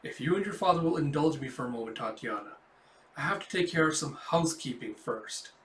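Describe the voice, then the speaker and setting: A man's voice: on the high side, animated, a little fast, a bit bright. Comic-book noblewoman, icy and commanding, contemptuous lecture voiced plainly by a man in a roomy echo. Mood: cold contempt. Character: cold, commanding noblewoman passing judgment. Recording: echoey room.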